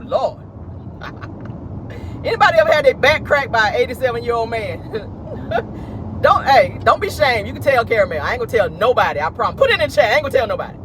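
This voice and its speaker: Animated, sassy gossip host in a car. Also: male voice, extremely high pitch, slight background noise. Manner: animated, laughing, playful sass. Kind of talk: casual celebrity gossip vlog.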